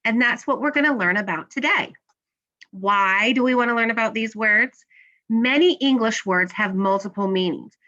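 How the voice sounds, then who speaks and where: A woman's voice: fairly high pitch, normal speed, pushed and bright, highs cut off. A woman teacher giving a classroom slideshow lesson, patiently asking questions and then answering them herself.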